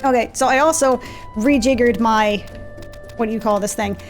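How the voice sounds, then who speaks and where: A chatty woman with a fairly high voice narrates her gameplay at a moderate pace as a let's play host. Self-deprecating and easily sidetracked, she records on a desk mic with its gain turned down in software, while faint game music and a clicky mechanical keyboard sound behind her.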